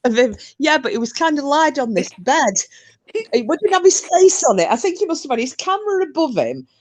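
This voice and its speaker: Chatty woman telling stories, lively pitch. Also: brisk, no echo. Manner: chatty storyteller, laughs often, swears. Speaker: stream host. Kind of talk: casual chat.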